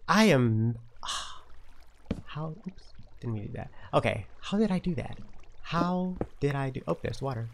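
A man talks his way through a long game session, thinking out loud and grumbling at his own mistakes. His voice has a gravelly, creaky edge at a middling pitch. A faint hiss sits under the recording. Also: expressive, a little slow. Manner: talks to himself while playing, frustrated outbursts. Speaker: Minecraft let's player. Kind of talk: uncut gameplay commentary.

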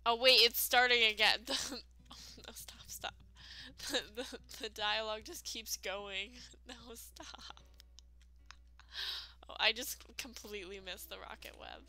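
A woman's voice: fairly high pitch, fairly even intonation, a little slow, pushed and bright. A woman giving casual, rambling let's-play commentary, full of fillers and self-deprecating asides. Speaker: gaming video creator.

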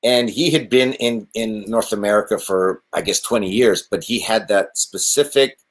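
Low-voiced man telling actor stories. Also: normal speed. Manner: animated, rambling, many restarts. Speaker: actor, guest. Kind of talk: casual interview storytelling.

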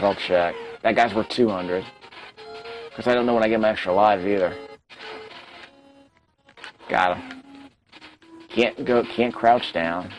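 Over a rough recording, a man with a voice on the low side plays a retro game as a let's play host. His commentary is casual and chatty, mostly muttered to himself and often critical of his own moves.

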